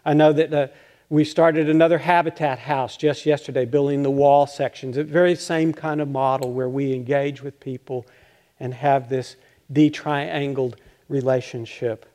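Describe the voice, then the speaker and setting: An older male pastor preaching a conversational, self-deprecating sermon, halting and restarting with light chuckles. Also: medium pitch, steady tone, mellow.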